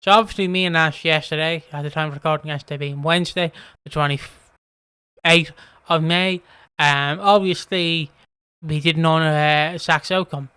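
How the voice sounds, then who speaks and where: In a steady, fairly high voice at a moderate pace, an Irish podcast co-host goes over soap episodes in casual chat, voicing the characters' lines himself. His tone is bright, forceful and clean, and there is no room sound.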